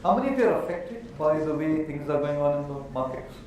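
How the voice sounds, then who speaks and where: A man with an Indian accent giving an animated motivational talk to a live audience, asking them questions as he goes. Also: fairly high pitch, fast talker, noisy background. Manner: animated, asks the audience questions, uses props. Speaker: motivational speaker. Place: large hall with a live audience. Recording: echoey hall from far off.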